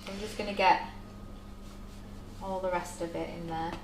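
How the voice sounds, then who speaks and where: A woman's voice: fairly low pitch, steady tone, normal speed, noisy background. A woman giving a live cooking demonstration, chatting step by step as she mixes ingredients in a kitchen. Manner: chatty step-by-step explaining while working. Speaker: baker demonstrating recipes. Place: shop's demo kitchen. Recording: echoey kitchen with clattering dishes.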